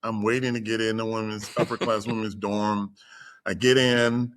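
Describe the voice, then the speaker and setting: A man telling a personal story in a casual chat, acting out the people he quotes with lively shifts in voice. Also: on the low side, moderate pace. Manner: animated, acts out quoted voices. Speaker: guest storyteller.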